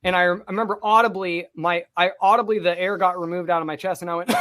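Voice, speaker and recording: A man's voice: sits high, fast talker, a bit bright, faint music behind. A man co-hosting a podcast, telling a personal story in a casual, profane and vivid way. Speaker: podcast co-host.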